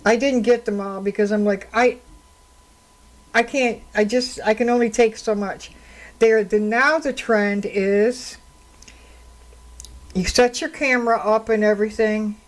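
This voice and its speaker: A woman's voice: a little high, fairly even intonation, measured pace, pauses often, poor audio. A woman radio host and counselor talking on her own into a studio microphone, telling stories in an indignant, conversational way. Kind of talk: solo radio talk commentary.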